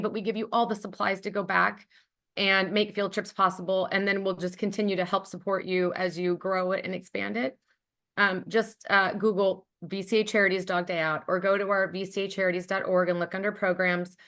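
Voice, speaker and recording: A woman's voice: mid-range voice, a bit bright. A woman giving a conversational webinar presentation about a dog charity program, enthusiastic and heartfelt, with frequent ums and likes.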